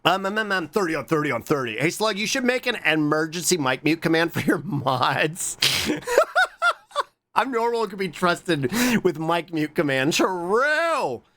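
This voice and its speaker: A man streaming and chatting casually with his viewers, excitable and swearing often. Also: normal speed, slight background noise. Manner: excitable, swears a lot, jumps to squeaky high greetings.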